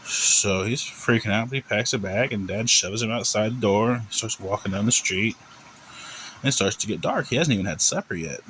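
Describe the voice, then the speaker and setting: A man's voice: on the low side, expressive, moderate pace, a bit bright, a little hiss or hum, low-quality recording. A man telling a long joke in a casual, rambling, conversational way. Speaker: joke teller.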